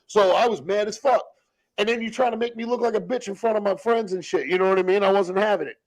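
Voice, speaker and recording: A man telling rough stories as a podcast guest, in blunt, profane street slang. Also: high voice, quick pace. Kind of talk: casual storytelling.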